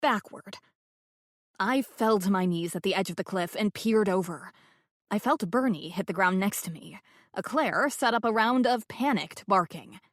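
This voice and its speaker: A woman narrates an audiobook in a steady, mid-pitched voice. The recording is close and completely dry, with no room sound. She pushes up into shouts when characters cry out. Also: dry recording. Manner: reads dialogue with rising, shouted emphasis. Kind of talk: scripted narration.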